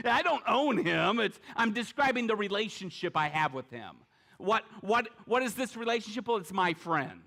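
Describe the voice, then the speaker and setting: A man's voice: sits high, very animated, normal speed, creaky, bright, forceful tone. A middle-aged male pastor preaching a sermon in a conversational way, asking the congregation rhetorical questions and dropping light humorous asides. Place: church service with congregation.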